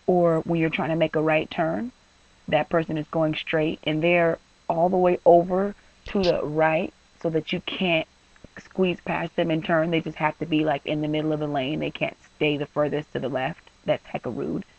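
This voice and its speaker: A man's voice: fairly high pitch, flat delivery, normal speed, gravelly, recorded from a distance, muffled recording. A young man venting in a vlog, rambling and exasperated with lots of fillers. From San Francisco Bay Area. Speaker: vlogger.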